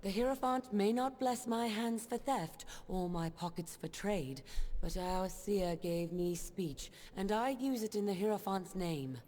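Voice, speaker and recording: An actress playing a solemn female traveler devoted to a seer, speaking in a measured, earnest way. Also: mid-range voice, warm tone, slight background noise, lightly acted.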